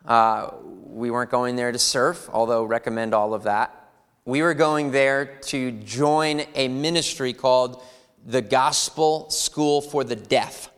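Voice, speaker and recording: A young adult man preaching a sermon as pastor, rousing the congregation with lively, energetic delivery. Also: mid-range voice, measured pace, smooth. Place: church sanctuary. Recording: reverberant church hall with faint music.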